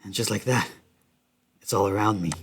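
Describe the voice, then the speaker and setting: A man's voice: lowish voice, moderate pace, slightly rough. A man playing a horror game, reading its text aloud dramatically and breaking off with startled exclamations, recorded in a garage. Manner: excitable, frequent startled exclamations; reads narration dramatically. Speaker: gaming video host. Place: garage at night. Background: loud game music.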